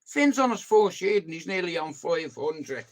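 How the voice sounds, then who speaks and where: A man with a Dublin Irish accent ranting in a casual vlog, swearing freely and swinging between loud bursts and low mutters. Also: big pitch swings, normal speed. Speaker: YouTuber.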